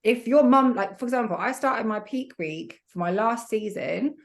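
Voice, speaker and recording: A woman's voice: on the high side, lively intonation, normal speed. A young woman guesting on a podcast, chatting casually and acting out her own asides with self-mocking humour. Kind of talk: casual interview chat.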